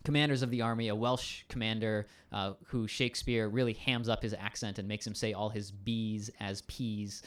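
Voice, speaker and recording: A man's voice: fairly low pitch, steady tone, normal speed, few pauses, a bit bright. A male teacher in a casual conversation, explaining at length in a thoughtful way with frequent ums and restarts.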